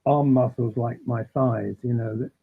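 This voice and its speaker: A man guesting on an interview, telling animated, rambling anecdotes that keep interrupting themselves. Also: mid-range voice, moderate pace, creaky, husky. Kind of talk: casual storytelling. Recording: tinny phone-like line.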